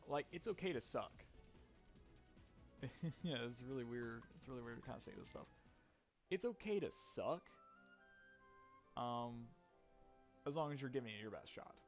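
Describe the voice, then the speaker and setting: A man's voice: medium pitch, moderate pace, long pauses, soft background music. A young man in his twenties giving casual gameplay commentary, rambling and self-mocking with frequent swearing. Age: young adult. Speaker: let's play commentator.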